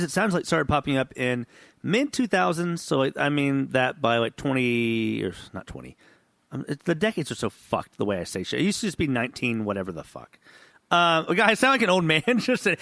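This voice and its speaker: Gravelly, tipsy podcast host. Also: male voice, on the high side, big pitch swings, normal speed, a bit bright, dry recording, clean studio sound. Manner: profane, rambling, laughs often. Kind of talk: casual chat.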